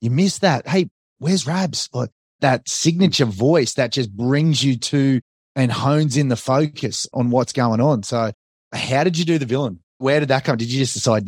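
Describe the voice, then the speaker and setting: A man's voice: mid-range voice, moderate pace, darkish tone, husky, no room sound, clean studio sound. A man hosting a podcast, asking rambling questions in casual conversation. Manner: rambling questions, many short agreements. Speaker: podcast host. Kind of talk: casual interview.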